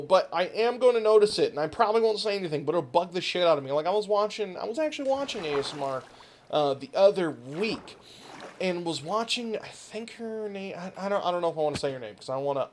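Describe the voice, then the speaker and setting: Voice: medium pitch, animated, fast, slight background noise. A gaming channel host ranting casually over gameplay, rambling and swearing freely, with frequent laughs.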